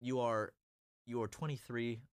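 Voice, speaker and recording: A man chatting casually as a co-host, rambling with fillers and quick restarts. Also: medium pitch, fairly even intonation. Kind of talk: casual chat.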